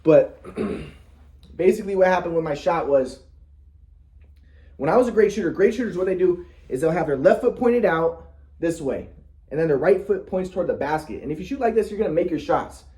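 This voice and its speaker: A man's voice: on the high side, animated, moderate pace, warm tone. A man in a rambling personal monologue who sounds aggrieved, often restarts his sentences, and swears. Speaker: vlogger.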